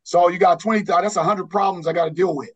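High-voiced earnest coach, rambling talk. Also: male voice, fairly even intonation, fast talker, poor audio. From Los Angeles. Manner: earnest, rambling, with many restarts. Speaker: basketball coach. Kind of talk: podcast interview guest.

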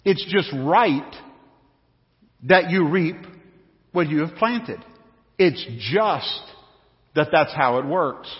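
Speaking slowly and pausing often, a pastor with an animated, somewhat high voice delivers a sermon as conversational storytelling, repetitive and anecdotal. The congregation is in an echoey church sanctuary, captured with dull sound.

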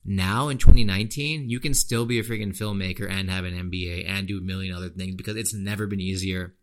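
A man's voice: deep voice, fairly even intonation, fast talker. A man hosting a podcast, talking in a blunt, slangy, ranting way. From United States. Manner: blunt, slangy, ranting with lots of "dude" and "you know". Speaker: podcast host. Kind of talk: casual podcast monologue.

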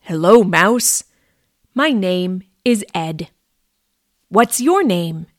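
A woman voicing a big, gentle male elephant who writes poetry, in a storybook reading. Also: lowish voice, expressive, drawn-out words, no echo, clean studio sound.

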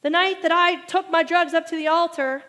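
A woman preaches with a high, bright voice that carries through a long, ringing reverb, as if heard in a large hall. Her sermon is animated, and she pushes louder and higher on the points she wants to land. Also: normal speed. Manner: animated preaching, rising and loud at emphatic points.

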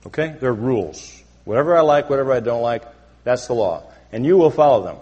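A man's voice: mid-range voice, brisk, husky, muffled recording. Mock-pompous male pastor in a reverberant sanctuary. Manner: mock-pompous, deadpan self-important. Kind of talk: satirical sermon. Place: church sanctuary. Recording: long hall reverb.

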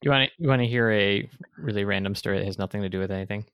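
A man's voice: lowish voice, very fast, fairly bright tone, smooth. A man hosting a podcast in casual chat, telling stories in a dry, easygoing way. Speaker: podcast host.

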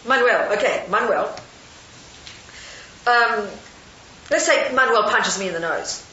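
An older woman, a Buddhist nun, giving a lively, chatty talk to a live audience and often asking them questions. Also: mid-range voice, slow pace. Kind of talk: casual dharma talk to an audience. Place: hall with an audience. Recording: roomy, lo-fi, faint hiss.

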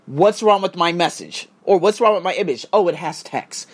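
A man's voice: sits high, moderate pace, breathy edge. A man who works as an online course instructor and coach, ranting in a heated, profane, casual monologue. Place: Thailand.

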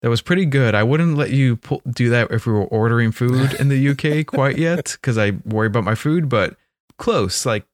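A young man co-hosting a casual movie podcast, chatty and quick with jokes and asides. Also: mid-range voice, dry recording, studio quality. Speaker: podcast host.

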